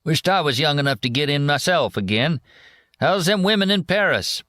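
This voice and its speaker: A man's voice: fairly high pitch, expressive, normal speed, sharp tone, no echo, clean studio sound, voice pushed up. A man voicing an older war veteran who talks in a folksy, chummy way. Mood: hearty. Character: older male war veteran, hearty and nosy.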